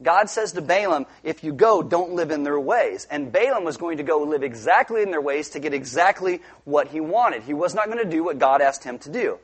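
A middle-aged man preaching a sermon, telling a Bible story with lively asides and playful voices for the characters. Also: on the high side, a little fast, few pauses, husky. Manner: animated storytelling, acting out characters with funny voices. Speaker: pastor.

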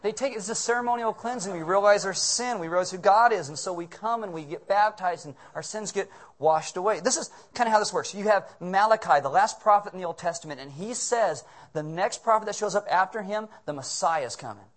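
A man preaching a comedic sermon as pastor, animated and full of casual asides and jokes. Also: high-pitched, brisk, hardly any pauses.

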